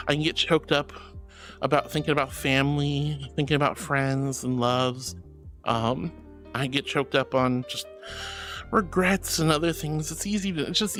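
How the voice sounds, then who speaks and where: A man streaming a casual chat, reading viewer messages and answering them in a gushing, affectionate way. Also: fairly high pitch. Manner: gushing and affectionate, calls viewers sweetie and honey; excitable, gasps and laughs often.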